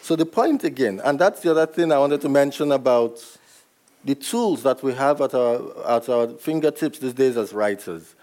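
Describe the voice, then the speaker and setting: Lively, laughing novelist explaining to a crowd. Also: male voice, medium pitch, normal speed. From Nigeria. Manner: laughs often while explaining. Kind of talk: author talk answering audience questions. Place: event room with a live audience.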